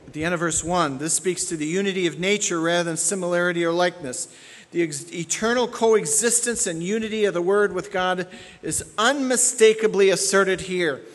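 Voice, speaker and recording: Male pastor, higher-pitched voice, emphatic teaching delivery, long hall reverb. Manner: emphatic, repeats key points for stress. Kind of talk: expository sermon.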